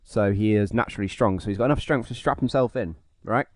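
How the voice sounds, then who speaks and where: Low-voiced easygoing man. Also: fast talker, a little mellow, dry recording, studio quality. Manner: easygoing, questioning, laughs easily. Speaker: podcast co-host. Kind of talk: casual podcast banter.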